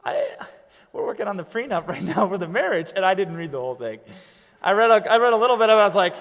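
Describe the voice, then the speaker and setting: A man teaching an online business lesson in a lively, conversational way, checking in with "right?" over and over. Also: high-pitched, quick pace, long reverb tail. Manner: animated, conversational, keeps asking "right?". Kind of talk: coaching lesson.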